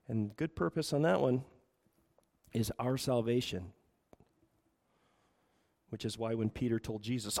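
A man's voice: mid-range voice, gravelly, dark tone. A man preaching a sermon as pastor, asking the room rhetorical questions and acting out quoted voices. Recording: reverberant hall.

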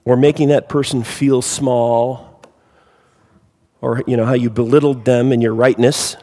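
A man preaching a sermon as a pastor, animated, with wry asides and acted-out quotes. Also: medium pitch, a little slow. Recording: long hall reverb.

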